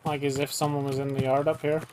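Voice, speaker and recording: A male streamer banters through a multiplayer shooter, laughing often between callouts. His voice sits slightly higher than most men's. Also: flat delivery, fast, background noise. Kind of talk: casual gaming chat.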